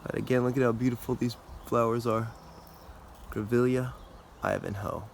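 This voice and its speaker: A man hosting a casual outdoor garden tour, explaining plants in a relaxed, informal way. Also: mid-range voice, moderate pace, gravelly, slight background noise. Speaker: garden channel host.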